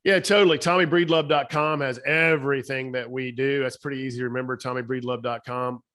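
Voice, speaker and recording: A man's voice: medium pitch, steady tone, brisk, fairly bright tone. A middle-aged man with a Southern accent, a podcast guest giving emphatic motivational talk, his voice slightly shaky. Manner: emphatic, repeats key phrases. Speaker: podcast guest, speaker and author.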